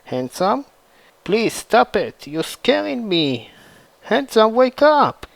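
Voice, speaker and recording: A man's voice: fairly high pitch, slow, dry recording, low-quality recording. A man voicing a grieving, fierce young woman fighter, read aloud in a plain fan story narration.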